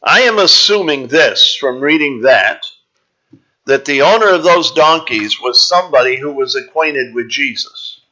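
A man preaching a Bible teaching sermon in a measured, explanatory way, pausing often with "uh". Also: mid-range voice, lively intonation, bright, forceful tone, muffled recording. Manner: measured, explanatory, with frequent "uh" pauses.

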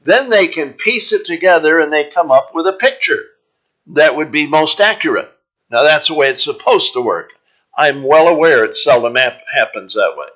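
A man teaching from scripture in a sermon, his voice a bit higher than most and bright and forceful. He talks in a measured, explaining way with frequent "uh" pauses. The recording sounds dull and lo-fi. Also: expressive, breathy edge. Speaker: preacher.

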